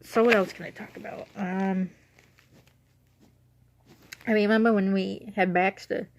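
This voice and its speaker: A woman's voice: mid-range voice, steady tone, a little slow, gravelly, a little hiss or hum. A young woman talking casually in a rambling, self-correcting way on her vlog, emotional as she remembers her late dog. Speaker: vlogger.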